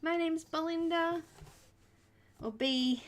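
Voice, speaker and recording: A woman's voice: very high-pitched, drawn-out words. An Australian woman hosting a live coloring tutorial, chatty and welcoming, laughing often as she greets viewers. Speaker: art tutorial host.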